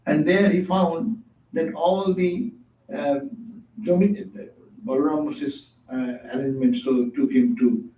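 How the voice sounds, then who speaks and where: Guy giving a sermon, kinda high voice, stops to find words, muffled roomy sound. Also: steady tone, slight background noise. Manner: storytelling, asks rhetorical "No?" and "Huh?"; halting, restarts and searches for words. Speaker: monk giving a spiritual talk. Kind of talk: devotional sermon. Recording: echoey, distant, dull hall recording.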